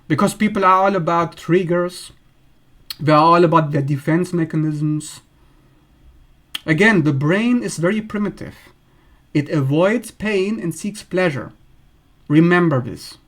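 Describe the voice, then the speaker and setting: A man's voice: fairly high pitch, measured pace, pauses often, fairly bright tone. A man hosting an astrology channel, talking bluntly in a casual monologue and acting out the people he describes in a raised voice.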